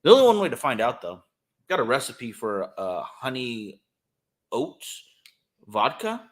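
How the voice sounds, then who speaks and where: A man's voice: medium pitch, huge pitch swings, measured pace. A man co-hosting a podcast in a casual chat, rambling and enthusiastic, with many fillers. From California. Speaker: podcast co-host.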